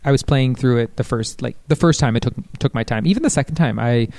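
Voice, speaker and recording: A man's voice: medium pitch, fast, gravelly, darkish tone, no echo, clean studio sound. A man co-hosting a casual podcast chat, talking in a chatty, agreeable way with many fillers. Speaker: podcast co-host. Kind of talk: casual chat about a video game.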